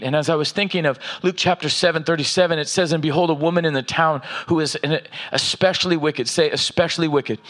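A man preaching a sermon, reading scripture aloud with slow emphasis and checking in with the congregation. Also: fairly high pitch, a bit bright. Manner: asks the audience "are you with me", reads scripture aloud with slow emphasis. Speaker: pastor.

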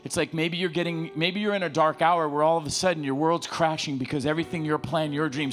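A middle-aged man delivers a relaxed sermon in a slightly higher-than-usual voice. He talks in a lively, joking way and retells scripture in everyday slang. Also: fast, hardly any pauses. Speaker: preacher. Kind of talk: casual sermon.

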